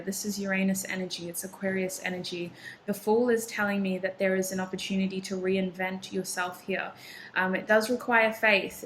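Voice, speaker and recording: A woman's voice: mid-range voice, low-quality recording. Chatty woman reading tarot, faint hiss. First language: not English. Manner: warm, encouraging, chatty with many ums and restarts. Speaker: tarot reader.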